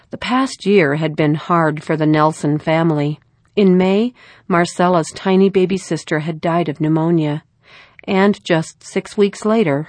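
A woman narrating a storybook in a calm, measured way. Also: fairly low pitch, no echo. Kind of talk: storybook reading.

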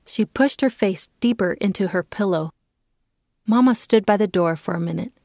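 A woman giving a calm, clear reading as the narrator of a children's story. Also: mid-range voice, normal speed, dry recording, studio quality.

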